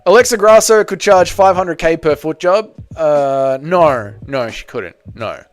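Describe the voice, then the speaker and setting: A man's voice: a little high, a little slow, no room sound, faint music behind. An Australian man hosting a livestream, casually reading out viewer comments and answering them with teasing banter. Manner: joking, bantering, teasing chatters. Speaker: livestream host.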